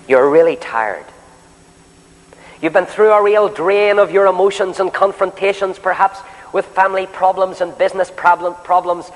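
In a meeting hall with long reverb, a high-pitched man preaches a sermon. He swings from loud, drawn-out declarations to soft, pleading questions aimed straight at his listeners.

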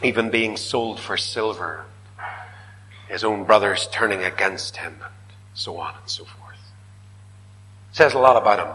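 A man preaching a sermon, swinging dramatically from loud declaiming to hushed whispers. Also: on the low side. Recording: reverberant hall.

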